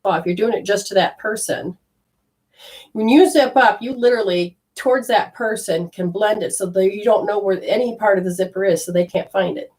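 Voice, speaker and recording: This woman, a spiritual medium, channels live in a slightly fast, medium-pitched voice. She rambles with energy, moving from loud bursts to hushed asides, and the audio is poor.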